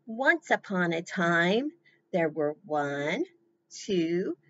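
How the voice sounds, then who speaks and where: A woman presenting a library storytime, reading slowly and encouraging the children warmly as she leads them. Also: fairly low pitch, muffled recording, a little hiss or hum. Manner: encouraging, slow, animated.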